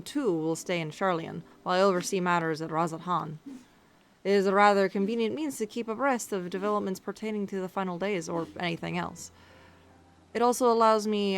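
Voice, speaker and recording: A woman's voice: on the high side, a little fast, natural voice. A woman voicing an ancient male dragon who speaks through a construct, in a stately, formal way with a put-on foreign accent.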